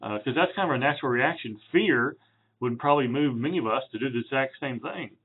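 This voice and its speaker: A man preaching through a Bible passage in a relaxed, chatty way, with fillers and self-corrections. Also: medium pitch, fast, slightly rough. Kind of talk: conversational Bible teaching. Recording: tinny phone-like sound.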